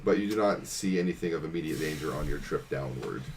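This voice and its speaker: A man narrating a tabletop game as game master, relaxed and hesitant with fillers. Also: a bass voice, fast talker. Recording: noisy home recording.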